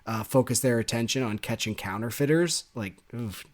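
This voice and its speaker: A man's voice: mid-range voice, moderate pace. Guy sarcastically ranting about a thriller plot, chatty podcast co-host. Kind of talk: casual book-club discussion.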